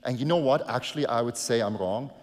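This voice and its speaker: A male pastor preaching a sermon earnestly, moving between hushed and emphatic delivery. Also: medium pitch, fast, in a large hall.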